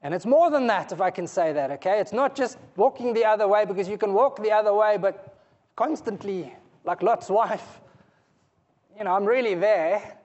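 Earnest high-voiced preacher. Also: male voice, normal speed, dull audio. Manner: earnest, pleading, with soft laughs and dropping to near whispers. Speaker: pastor. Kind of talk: sermon. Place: church.

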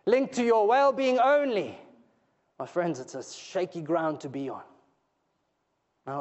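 Male preacher, high pitch, emphatic sermon delivery, long hall reverb. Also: highs cut off. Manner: emphatic, rising to loud pleading peaks. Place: church hall.

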